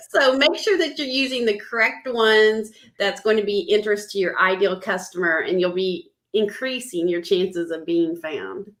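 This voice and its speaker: A woman co-hosting a casual live marketing chat, relaxed and playful, sometimes tripping over her words. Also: mid-range voice, measured pace. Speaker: co-host.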